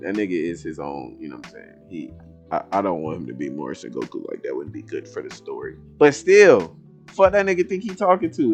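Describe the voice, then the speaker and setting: A man hosting a casual comic reaction video, talking to viewers in a swearing, animated way. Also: low-pitched. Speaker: reaction channel host.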